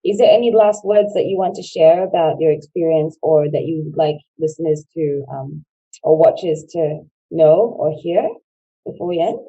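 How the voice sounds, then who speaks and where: A woman's voice: sits low, moderate pace, warm tone, husky, dull audio. A woman co-hosting a casual online chat show, chatty and laughing often. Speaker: co-host.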